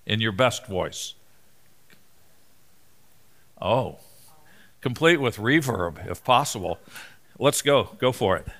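A man preaching a sermon in a church, animated and conversational, joking with the congregation. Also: on the low side, slow pace, pauses often. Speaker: preacher, Bible teacher.

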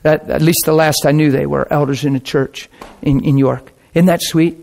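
Male pastor, high voice, animated sermon storytelling with sound effects. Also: moderate pace, gravelly. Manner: preacherly, asks listeners questions.

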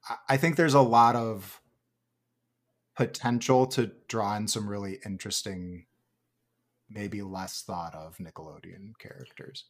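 A man with a Wisconsin accent talking casually on a gaming podcast, animated and quick to laugh, with plenty of fillers. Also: fairly low pitch. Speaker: podcast host. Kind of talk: casual chat.

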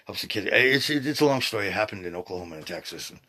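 Husky sixty-year-old man, rambling freely. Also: fairly low pitch, fast. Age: 60s. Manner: excitable, swears freely, trails off and restarts. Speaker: podcast host. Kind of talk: rambling casual monologue. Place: at home, seated.

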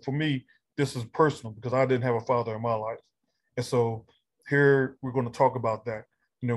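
A man hosts a podcast and introduces the episode and its guest. He talks in a loose, unscripted way with a flat, even pitch. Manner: loose, with fillers and restarts. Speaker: podcast host.

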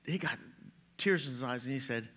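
Bright-voiced joking pastor, a man. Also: medium pitch, expressive, fairly quick. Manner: joking and chatty, laughs at own jokes. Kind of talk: sermon with jokes.

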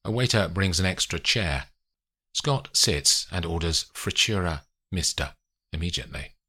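A man narrating an audiobook with expressive storytelling. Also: low-pitched, unhurried, husky.

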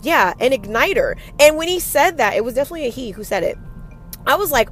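A woman hosting a solo motivational podcast, talking in an energetic, emphatic and casual way with some swearing. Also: high-pitched, fast talker, soft background music. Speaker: podcast host.

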